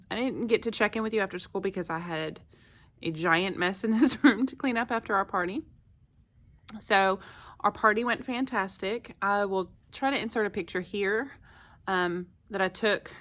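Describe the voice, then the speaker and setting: A woman's voice: mid-range voice, a bit bright. A woman, a first grade teacher chatting casually to her phone camera in her classroom, with lots of fillers and asides. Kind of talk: casual vlog chat.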